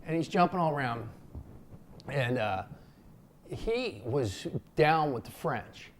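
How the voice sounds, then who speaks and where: Speaking slowly but animatedly in a mid-range voice, with slight background noise, this man from Philadelphia rambles unscripted to his camera as a vlogger. Ums, slang and the odd swear word fill his speech, and when he tells a story he jumps into quoted voices, pitched up.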